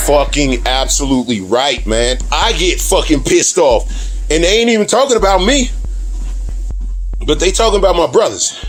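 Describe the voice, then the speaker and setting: A man talking straight to camera in a heated, profane monologue, laughing between his points. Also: medium pitch. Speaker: video diarist. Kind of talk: casual ranting monologue.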